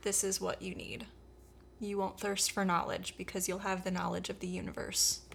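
A woman's voice: mid-range voice, flat delivery, moderate pace, gravelly, a bit bright, slight background noise. Brief: a woman doing a casual, cheeky Jesus for a comic Bible retelling. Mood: preachy. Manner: slangy, teasing, casual. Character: laid-back sassy modern-day Jesus, man.

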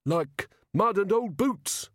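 A man's voice: high-pitched, lively intonation, slow pace, dry recording, studio quality, pitched above the performer's own voice, exaggerated voice. A man voicing a cheerful, eager street beggar in an audiobook, with common street talk. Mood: chirpy. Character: legless cheerful beggar man, high and chirpy.

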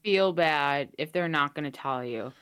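A woman's voice: low-pitched, a little slow, a bit bright, smooth, dry recording. A woman co-hosting a podcast, in casual chat, talking freely and laughing easily. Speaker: podcast co-host.

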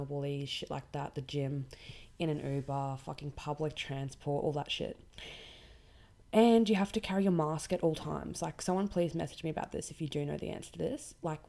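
A woman's voice: low-pitched, creaky, dark tone. A young Australian woman hosting her own podcast, ranting bluntly and swearing freely about people who play the victim. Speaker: podcast host. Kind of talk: casual ranting monologue.

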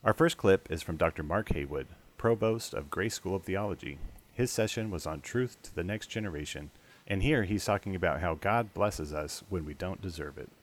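A man hosting a podcast, introducing the episode in a measured, scripted way. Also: low voice. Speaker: podcast host.

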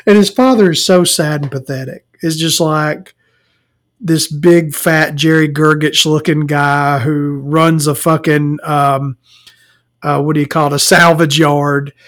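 A man with a fairly high voice rants about a film, rambling and sarcastic. He swears freely and breaks into laughter at his own jabs, like a casual home vlog review. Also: fairly even intonation, measured pace, fairly bright tone. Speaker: movie reviewer. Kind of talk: rambling movie rant. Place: home recording, eating and drinking.

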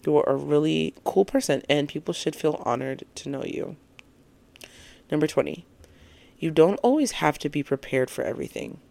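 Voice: mid-range voice, moderate pace, vocal fry, a little mellow, no echo. A speaker in their twenties giving a casual, encouraging monologue as a vlogger, earnest and reflective, often laughing at their own points. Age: 20s.

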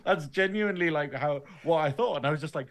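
An English man co-hosting a podcast, animated and self-deprecating, laughing through his stories. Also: a little high, fast. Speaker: podcast co-host. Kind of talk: casual chat.

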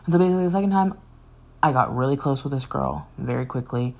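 A woman's voice: extremely low pitch, quick pace, vocal fry, a little mellow. A woman in her twenties hosting a podcast, telling a candid, rambling personal story into a phone with sighs, laughs and curses. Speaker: podcast host.

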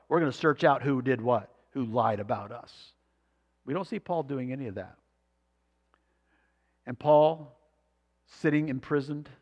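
A man's voice: on the high side, lively intonation, moderate pace, long pauses, a bit bright. Preaching man in a reverberant hall. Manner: preaching with scripture reading and rhetorical questions. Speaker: pastor. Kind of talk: sermon.

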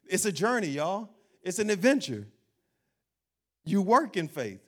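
Animated preaching man. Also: high-pitched, measured pace. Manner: animated preaching, acts out doubting voices, laughs. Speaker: pastor. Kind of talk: sermon.

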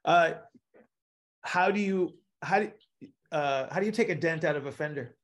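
A man's voice: on the high side, normal speed. A man teaching a live class, explaining with analogies and often checking in with "right?". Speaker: instructor.

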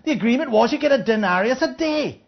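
Animated Bible teacher, dull lo-fi recording. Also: medium pitch, quick pace. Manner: checks in with listeners, asking "Yeah?"; acts out the parable's speakers in lively voices. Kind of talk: interactive Bible study teaching.

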